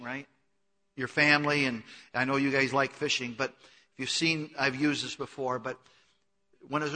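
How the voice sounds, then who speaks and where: Impassioned preacher with bright voice. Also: male voice, on the high side, big-room sound. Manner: swings from hushed to loud urgent pleading; impassioned, repetitive exhortation. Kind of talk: sermon. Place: church sanctuary.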